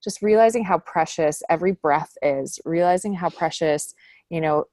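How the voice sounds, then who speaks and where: A woman's voice: lowish voice, normal speed, a little mellow, dry recording, studio quality. A woman in a casual conversation, talking earnestly and reflectively, with frequent small laughs.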